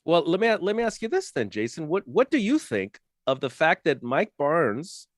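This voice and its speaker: A man with a fairly high, very lively voice, co-hosting a casual podcast. He is excitable and stumbles over repeated words, and his voice sounds dry and close. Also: normal speed, dry recording. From Los Angeles area. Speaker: podcast co-host.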